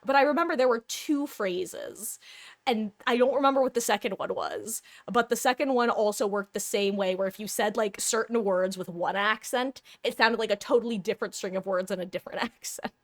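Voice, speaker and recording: A woman's voice: medium pitch, brisk. A woman livestreamer chatting casually with her viewers, rambling along with frequent restarts and laughs. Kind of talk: casual chat with stream viewers.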